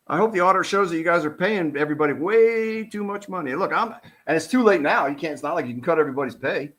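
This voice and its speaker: Middle-aged man, ex-cop commentator; blunt, profane, animated, slightly high, very expressive pitch. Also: fast talker. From United States. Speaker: retired police officer commentator. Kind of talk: casual commentary reading a document.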